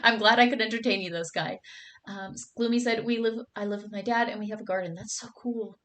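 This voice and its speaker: A woman's voice: mid-range voice, steady tone, fairly quick, fairly bright tone, a little hiss or hum. Bubbly young woman streamer chatting. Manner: bubbly, gushing, lots of "like" and "oh my god". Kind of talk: casual chat reading viewer comments.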